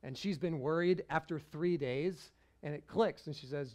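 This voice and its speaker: Male pastor, relaxed sermon delivery, laughs easily. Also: fairly high pitch, normal speed, hardly any pauses. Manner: conversational, chuckles while he preaches.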